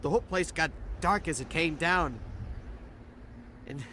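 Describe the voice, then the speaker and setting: An actor playing a shaken, nervous dock worker in a video game, stammering and defensive, with game audio and steady background noise. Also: male voice, a little high, unhurried.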